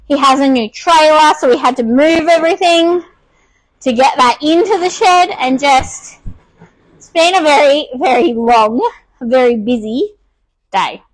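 A woman's voice: high-pitched, unhurried, low-quality recording. A woman with an Australian accent, out of breath, chatting casually with many ums while restoring furniture on a live stream.

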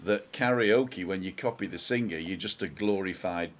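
A man's voice: deep voice, normal speed. A man hosting a casual talk show, telling stories animatedly and imitating singers. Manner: animated storyteller, mimics singing. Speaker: host. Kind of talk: casual chat.

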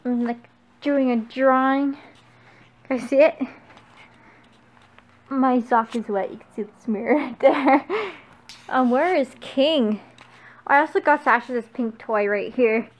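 A woman's voice: sits high, slow pace, long pauses. A young woman vlogging on a handheld camera, chatting casually and cooing in baby talk to her pets. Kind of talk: casual handheld vlog chat.

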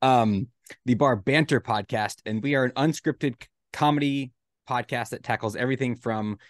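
A laid-back man chats casually as a guest at a tabletop game. His voice sits at an ordinary pitch, and the sound is dry. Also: moderate pace, no echo. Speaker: guest player. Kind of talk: casual chat.

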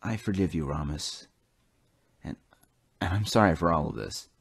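A man voicing a small, earnest, hot-tempered tank engine in a toy train story, high and excitable. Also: normal speed, vocal fry, slightly rough, no echo, clean studio sound, heavily acted. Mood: remorseful.

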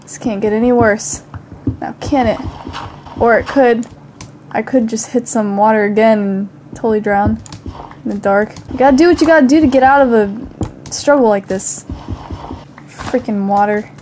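A woman's voice: a little high, moderate pace, pauses often, darkish tone, slight background noise. A young woman doing casual gameplay commentary while slightly sick, chatting to herself and bursting into panicked outcries. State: slightly sick, occasional cough. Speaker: gaming channel host.

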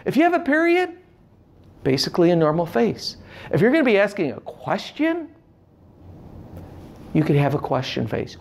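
A man's voice: high voice, normal speed, vocal fry, pauses often. A man teaching public speaking tips to camera, with an emphatic delivery and demonstrating gestures as he talks. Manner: animated, emphatic delivery with shifting inflection. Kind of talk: instructional talk to camera.

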